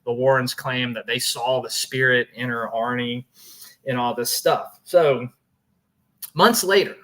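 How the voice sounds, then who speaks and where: A man's voice: mid-range voice, a little slow, pushed and bright. A man, hosting a paranormal show and telling a story in a loose, chatty way, often laughing and restarting his sentences. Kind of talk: casual storytelling to an audience.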